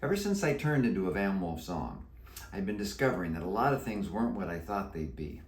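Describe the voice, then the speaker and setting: A man narrates a children's storybook in a very low voice that rises and falls with animated, playful delivery. The reading is in an echoey room, with a roomy sound. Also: a little fast. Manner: animated, playful read-aloud. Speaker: author reading his book aloud.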